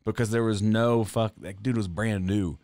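A man's voice: fairly low pitch, fairly even intonation, normal speed, a little mellow, no echo. A man co-hosting a podcast, telling stories in a profane, casual way and laughing often. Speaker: podcast co-host. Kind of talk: casual chat.

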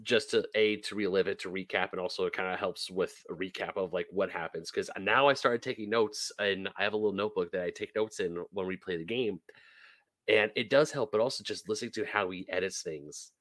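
A man co-hosting a podcast, talking enthusiastically and haltingly, restarting his sentences. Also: low-pitched, fairly bright tone, no room sound. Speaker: podcast co-host. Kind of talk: casual chat on a live-streamed podcast.

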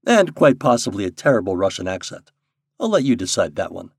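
Casting: male host-narrator, low husky voice, measured delivery, dry close recording. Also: big pitch swings, no echo. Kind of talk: audio magazine narration.

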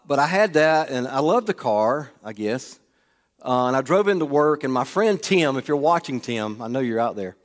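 A middle-aged man, preaching as he tells a humorous personal story and throws questions to the audience. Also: mid-range voice. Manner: folksy, asks the audience questions. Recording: long reverb of a large hall.

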